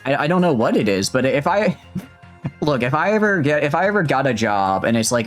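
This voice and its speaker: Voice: medium pitch, sing-song, fairly quick, soft background music. Rambling, joking game streamer. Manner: rambling and joking, laughs often. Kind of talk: casual game commentary.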